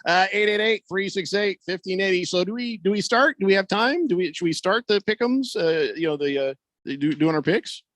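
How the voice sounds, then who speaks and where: A man's voice: high voice, a little fast, a bit bright, no echo. Joking male sports radio host. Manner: joking, reads out listener comments. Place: radio studio. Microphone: studio microphone.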